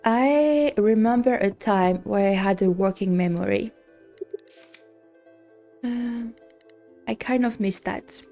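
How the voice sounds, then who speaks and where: A woman chats slowly and unhurriedly as she streams a game, drifting from thought to thought. She thinks aloud, trailing off and restarting her sentences with plenty of ums, while soft game music plays underneath. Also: medium pitch. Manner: rambling, thinks aloud with many fillers and restarts. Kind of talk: casual live-stream chat while gaming.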